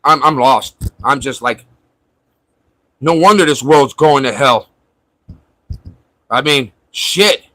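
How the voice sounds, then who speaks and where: A man's voice: medium pitch, slow pace, pauses often, fairly bright tone, no room sound, low-quality recording. A man hosting a livestream in casual chat, ranting mockingly and swearing at a viewer. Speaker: livestream host. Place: at home in Florida.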